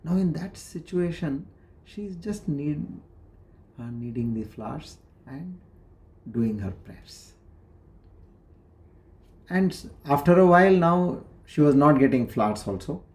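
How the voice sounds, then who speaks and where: A man's voice: a little high, animated, unhurried, pauses often, darkish tone. A man gives a devotional discourse, telling a story with fillers and restarts. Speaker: spiritual teacher.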